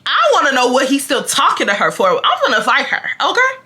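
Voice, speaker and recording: A woman in her twenties from Houston, Texas, telling a casual storytime vlog in a dramatic way that swings from loud reenactment to quiet asides. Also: high voice, wildly swooping pitch, fairly quick. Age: 20s. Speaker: storytime vlogger.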